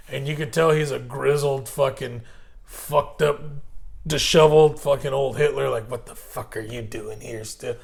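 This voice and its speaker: A man with a Californian accent co-hosting a podcast in casual chat, animated and swearing as he retells movie scenes. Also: fairly high pitch, vocal fry. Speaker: podcast co-host.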